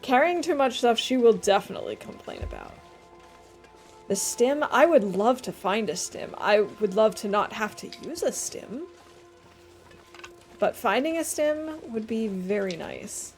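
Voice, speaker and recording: A woman's voice: fairly high pitch, animated, measured pace, faint music behind. A woman streamer giving casual, chatty commentary while playing a game, thinking aloud as she goes.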